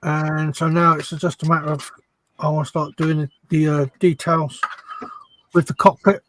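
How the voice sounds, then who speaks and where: A man's voice: on the high side, level tone, normal speed, fairly bright tone, slight background noise, rough recording. A man chatting as a guest on a livestream, hesitant and full of ums. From England. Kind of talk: casual chat.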